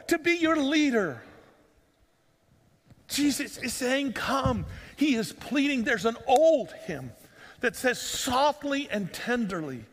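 A man's voice: extremely high pitch, fairly bright tone. A man preaching a sermon as pastor, earnest and pleading, pressing his listeners with repeated rhetorical questions. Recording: long reverb of a large room.

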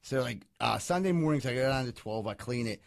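A man's voice: mid-range voice, animated, a little fast, vocal fry. A man casually telling a crude, rambling story among friends on a podcast.

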